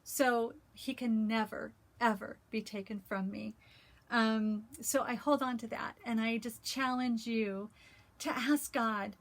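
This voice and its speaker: A woman vlogger reading scripture and talking it through in a casual, heartfelt way, pausing often with "um". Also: a little high, fairly even intonation. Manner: earnest, heartfelt, many "um" pauses. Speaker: cross-stitch vlogger.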